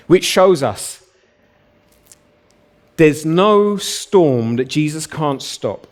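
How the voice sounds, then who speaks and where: Man preaching a casual sermon. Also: medium pitch. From South West London. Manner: informal storytelling with lively acted-out quotes. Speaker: pastor. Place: church.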